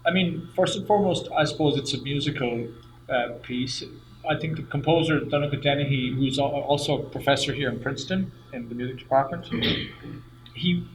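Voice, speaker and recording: A middle-aged Irish man, a guest singer and professor, explaining thoughtfully in a casual interview with some restarts. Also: medium pitch. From Ireland. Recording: echoey room with faint noise.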